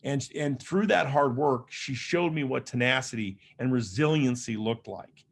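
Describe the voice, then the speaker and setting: A man's voice: medium pitch, normal speed. A man from Las Vegas giving a motivational keynote talk as an author and speaker. He tells personal stories in a humorous, conversational, self-deprecating way. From Las Vegas, Nevada, USA.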